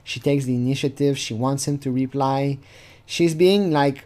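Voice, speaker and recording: A man's voice: mid-range voice, steady tone, moderate pace, darkish tone. Rambling, cursing man doing commentary. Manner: rambling, profane, hesitant with fillers. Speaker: channel host. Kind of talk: casual commentary on a read text.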